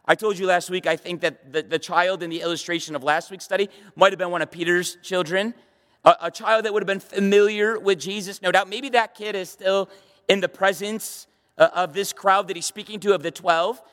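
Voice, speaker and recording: A middle-aged male pastor with a high voice preaches with emphasis, doubling up words as he goes and firing questions at his listeners. His voice rings out through a church hall with a long reverb tail. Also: steady tone, fairly quick, a bit bright. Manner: emphatic, repeats words, rhetorical questions to the audience. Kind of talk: sermon. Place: church hall with a live audience.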